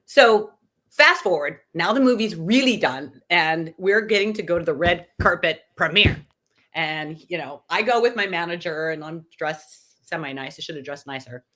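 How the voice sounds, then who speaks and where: Woman, 60s, low voice, animated guest storyteller who acts out the lines. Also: moderate pace. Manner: animated, acts out quoted dialogue. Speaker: podcast guest. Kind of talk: anecdotal storytelling in conversation.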